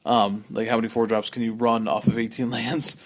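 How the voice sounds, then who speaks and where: A man's voice: mid-range voice, flat delivery, a little fast. A man co-hosting a casual game podcast, rambling with many fillers and slightly losing his voice. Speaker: podcast co-host. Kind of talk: casual gaming chat.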